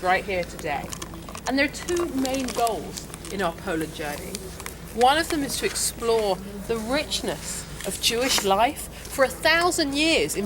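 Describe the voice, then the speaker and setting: A woman's voice: fairly high pitch, background noise. A woman tour guide briefing a group, organised and explanatory.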